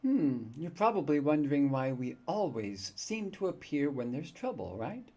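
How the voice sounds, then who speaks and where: A man's voice: a little high, sing-song, moderate pace, a little mellow. An older man reading aloud the lines of a cheerful, chatty young woman adventurer in a playful tone.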